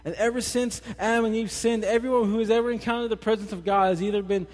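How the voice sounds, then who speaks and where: A young man with a drawl preaches in a loose, lively way, breaking off for jokey asides and acting out the voices he quotes. His voice sits a little on the high side. A long reverb trails behind him from the hall. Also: fast talker. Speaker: pastor. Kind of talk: casual sermon.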